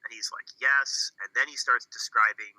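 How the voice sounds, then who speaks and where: A man's voice: mid-range voice, steady tone, moderate pace, sharp tone, no echo, rough recording. A man co-hosting a movie podcast, recapping a film plot in a rambling way with many fillers. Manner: rambling, many ums and uhs, acts out quotes. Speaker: podcast co-host.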